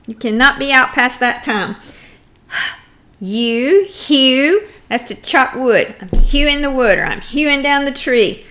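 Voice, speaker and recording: A woman teaching a first grade phonics lesson, sounding out letters and words slowly and clearly for young children. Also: sits high, animated, pushed and bright. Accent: Texan. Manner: slow, clearly sounded-out drills.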